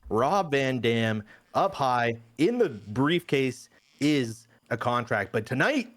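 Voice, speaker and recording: A man co-hosting, recapping a wrestling game in a relaxed, casual way with hyped interjections. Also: mid-range voice, takes it slowly. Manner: laid-back with hype interjections. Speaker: co-host.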